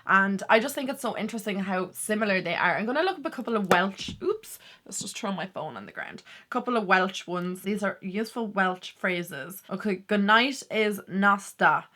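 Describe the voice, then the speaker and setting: A young Irish woman chatting excitedly in a casual vlog, laughing often. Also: medium pitch, moderate pace, few pauses. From Ireland. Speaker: vlogger.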